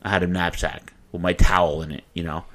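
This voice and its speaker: A man with a somewhat low voice tells a rambling story in casual chat, swearing freely and getting animated. The talk is relaxed and conversational, like a co-host holding the floor. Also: fairly quick. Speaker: podcast co-host telling a story.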